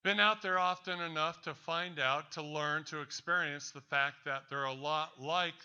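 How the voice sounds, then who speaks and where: Man, presenter, storytelling talk, emphatic, defiant, bright tense tone. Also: fairly high pitch, fairly even intonation, moderate pace, clean tone, muffled recording. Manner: emphatic and defiant, addresses doubters directly.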